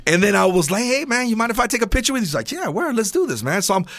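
A middle-aged man chatting casually, telling an excited, animated story. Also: high-pitched, very fast, dry recording. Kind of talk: casual chat.

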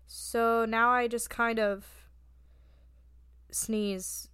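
A woman's voice: fairly high pitch, measured pace, a bit bright, dry recording, clean studio sound. A young woman co-hosting a casual podcast chat, blunt and swearing freely as she tells stories. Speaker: podcast co-host. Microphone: remote call mic.

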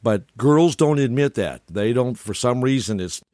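A man's voice: mid-range voice, animated, normal speed, a little mellow, dry recording, studio quality. An older man telling stories in a casual, rambling monologue, chuckling often and restarting his sentences. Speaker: storyteller.

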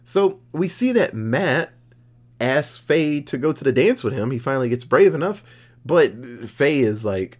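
A man co-hosting a podcast, casually recapping a horror movie plot with lots of swearing and jokes, slipping into quick voices for the characters. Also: mid-range voice, sing-song. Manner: profane, jokey, acts out characters mid-recap. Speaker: podcast co-host.

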